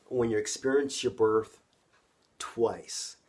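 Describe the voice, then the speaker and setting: A man of about fifty, from Canada, tells a personal story to camera. His voice sits low and a bit husky. He keeps it conversational and speaks right to the people watching. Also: normal speed. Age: around 50. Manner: conversational, addresses viewers directly. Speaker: vlogger.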